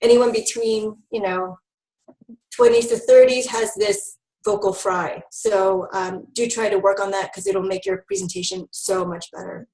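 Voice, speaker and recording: A woman's voice: medium pitch, animated, unhurried, vocal fry, a little mellow, roomy sound, rough recording. A woman giving an online training talk to new health educators, upbeat and instructive, with frequent ums.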